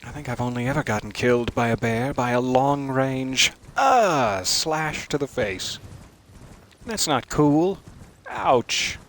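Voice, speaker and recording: A man's voice: mid-range voice, lively intonation, slow pace, a bit bright, a little hiss or hum. A man giving live gameplay commentary, wry and musing, chatting to the enemies he fights. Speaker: streamer playing a video game.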